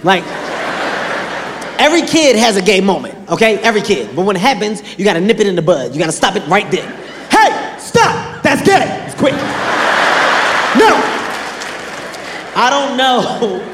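A man performing a stand-up comedy set, telling animated stories and acting out characters with sudden shouts, in a large live venue. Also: sits high, fairly quick. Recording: echoey live hall with crowd noise. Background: audience laughter.

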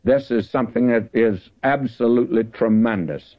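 A man teaching the Bible in a folksy, conversational sermon, slowing down to stress the verses he reads. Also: medium pitch. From Southern California. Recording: dull lo-fi radio broadcast.

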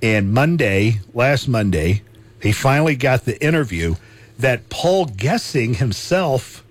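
A man's voice: mid-range voice, expressive, slow. Male talk radio host, casual and chatty, easy laugh. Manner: chatty, laughs easily, repeats himself.

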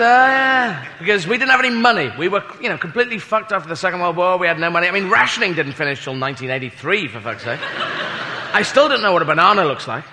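Rambling British stand-up comedian. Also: male voice, high-pitched. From Britain. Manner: rambling, absurd, laughing at his own jokes. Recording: live hall with audience noise.

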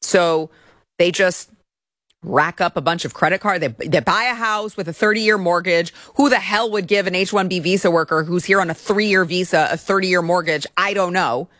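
A woman's voice: on the low side, normal speed, fairly bright tone, dry recording, studio quality. A woman giving opinionated video commentary in a sarcastic, indignant rant. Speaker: political commentator.

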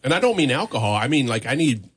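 A man hosts a morning radio show in an upbeat, chatty way. He laughs easily between lines. His voice sits at an ordinary middle pitch. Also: sing-song, fast talker, fairly bright tone, husky. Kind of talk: casual radio banter. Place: radio studio.

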